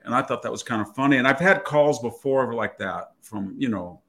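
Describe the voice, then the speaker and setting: A man's voice: medium pitch, a little fast, vocal fry, a bit bright. A man in his sixties telling a long story in conversation, rambling and correcting himself as he goes. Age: 60s. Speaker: guest commentator.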